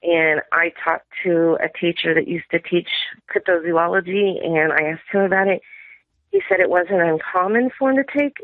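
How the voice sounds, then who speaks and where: A woman's voice: lowish voice, moderate pace, dry recording. A middle-aged woman calling in, rambling through a long story and quoting her family in dialogue. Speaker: caller sharing an encounter. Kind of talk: phone-in storytelling. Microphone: phone. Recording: tinny dry phone line.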